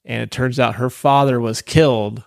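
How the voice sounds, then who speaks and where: A man's voice: mid-range voice, steady tone, moderate pace, vocal fry, dry recording, studio quality. A man hosting a casual podcast chat, teasing his guest with profane banter. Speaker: podcast host.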